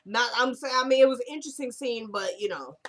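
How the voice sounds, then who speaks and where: A woman chatting casually through a recap of a TV episode, retelling the scenes line by line with lively, laughing asides. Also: on the high side, quick pace.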